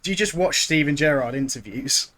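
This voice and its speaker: A man on a comedy quiz podcast, quick with teasing questions and jokes. His voice has a bright, sharp edge. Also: fairly high pitch, expressive. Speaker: podcast panelist. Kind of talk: comic quiz banter.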